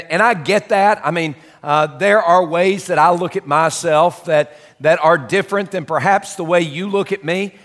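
A man's voice: on the high side, fairly bright tone. A man preaching a conversational sermon as pastor, folksy and chatty with self-deprecating asides, in a church sanctuary. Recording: long hall reverb.

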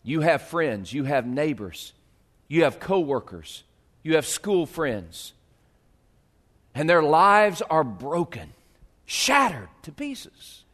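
Guy preaching a sermon, voice goes way up and down, sometimes real quiet sometimes big and loud. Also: fairly high pitch, big pitch swings. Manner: swings from hushed, drawn-out lines to loud, rising appeals. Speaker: pastor.

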